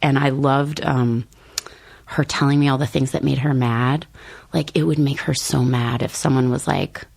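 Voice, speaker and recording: A woman author talking as a podcast guest, with a notably low voice. She is thoughtful and unhurried, hedges with fillers and laughs easily. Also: fairly even intonation, gravelly, darkish tone. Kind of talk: casual conversation.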